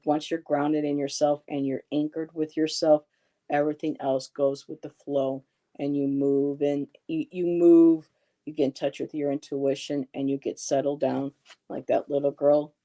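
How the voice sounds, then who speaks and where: A woman's voice: low-pitched, mellow. A woman hosting a live stream, chatting casually as she gives card readings and answers her chat. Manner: chatty, reassuring, reads chat comments aloud, laughs often. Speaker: tarot reader and live-stream host.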